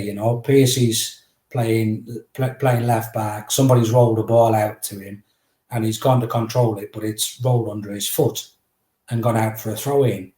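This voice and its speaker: A man in his fifties, a former footballer and podcast guest, telling lively anecdotes that climb to excited retellings. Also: lowish voice. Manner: animated, builds up to raised excited retellings. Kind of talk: anecdotal storytelling. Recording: roomy echo.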